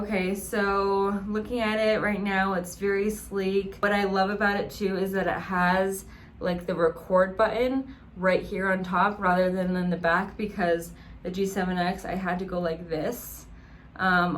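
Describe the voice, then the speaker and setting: A woman's voice: mid-range voice, little pitch movement, unhurried, a little hiss or hum. A young adult woman vlogging in a casual, gushing way, with many "like" fillers. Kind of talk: casual vlog chat.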